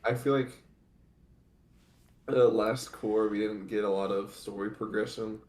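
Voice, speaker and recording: A man with a fairly low voice co-hosting a casual anime podcast, heard in a noticeably echoey room. He walks through the plot in long, rambling run-ons strung together with "and so". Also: steady tone, measured pace, a little mellow. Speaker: podcast co-host.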